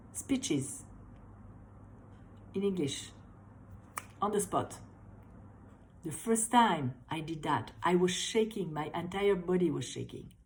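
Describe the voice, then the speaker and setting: A woman's voice: mid-range voice, poor audio. A middle-aged woman from France with a French accent, giving an emphatic motivational talk as a life coach and stressing her key words. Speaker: life coach and tapping practitioner.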